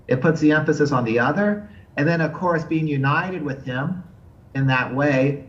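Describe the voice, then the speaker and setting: A man giving an unscripted theology lecture, earnest and thoughtful, often pausing and restarting as he searches for words. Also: mid-range voice, muffled recording. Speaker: theology teacher.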